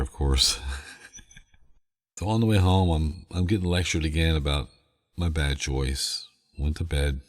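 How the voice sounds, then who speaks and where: A man's voice: rumbling low, big-room sound. A man hosting a sleep podcast, telling a story in a meandering way with chuckles. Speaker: podcast host.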